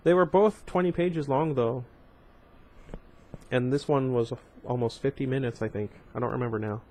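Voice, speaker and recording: A man's voice: medium pitch, moderate pace, darkish tone. A man reading a novel aloud for his channel, with casual asides and occasional self-corrections. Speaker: book reader.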